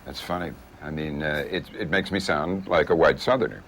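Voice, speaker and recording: A man's voice: very deep voice, brisk, fairly bright tone. A male interviewer asking thoughtful, probing questions.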